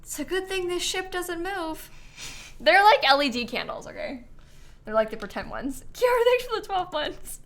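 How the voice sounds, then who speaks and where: Young woman streamer chatting while she builds, lively up and down voice, lots of fry, keeps saying um. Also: high-pitched. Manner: thinking aloud, hesitant, lots of ums. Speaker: game streamer. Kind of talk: casual livestream chat.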